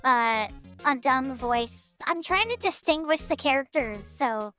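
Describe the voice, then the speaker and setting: A high-voiced woman streamer joking with her chat in a loose, profane way. Faint music runs in the background. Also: expressive, measured pace, pushed and bright. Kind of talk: casual game stream chat.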